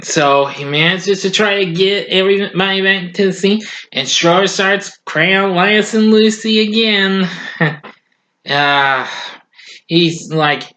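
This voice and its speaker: A man casually recapping a cartoon as a reviewer, chuckling often and acting out lines in a high voice. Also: takes it slowly, pushed and bright, slight background noise.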